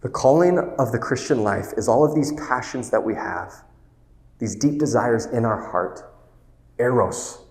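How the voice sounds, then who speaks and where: A man's voice: mid-range voice, animated, a little slow, a little mellow. A man giving a retreat talk, earnest and preacherly, stretching key words. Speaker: retreat speaker. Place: retreat venue hall. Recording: roomy hall with long reverb.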